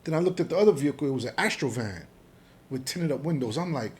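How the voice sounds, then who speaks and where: A middle-aged man from Jamaica, telling his story as a podcast guest in an animated, profane way, acting out the dialogue. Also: a little high, quick pace. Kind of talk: casual storytelling interview.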